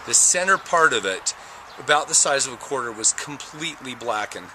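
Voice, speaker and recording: A man's voice: medium pitch, animated, moderate pace, background noise. A middle-aged man telling a personal story with drama, acting out voices and sound effects. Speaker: storyteller recounting a near-death experience.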